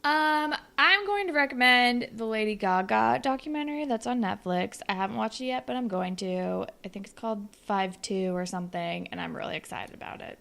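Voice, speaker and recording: A woman's voice: a little high, a little fast, creaky, hardly any pauses, a bit bright. A young woman co-hosting a podcast, chatting casually and rambling through an improvised story with lots of fillers. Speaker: podcast co-host. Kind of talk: casual chat.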